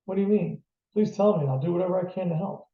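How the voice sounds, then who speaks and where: A man's voice: sits high, quick pace, pitched above the performer's own voice, lightly acted. A man voicing a nervous young cop. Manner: nervous, stammering. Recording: distant, roomy, dull lo-fi.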